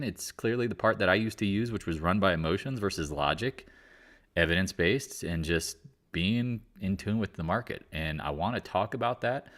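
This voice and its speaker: A man's voice: lowish voice, fairly bright tone. A man hosting a casual live market chat, talking in a blunt, rambling and exasperated way. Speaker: market commentary host.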